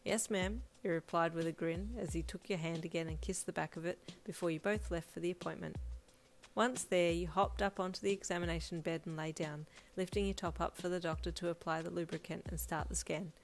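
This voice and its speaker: A woman narrating a second-person fan-fiction story in a steady, plain reading voice. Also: on the low side, brisk, faint music behind.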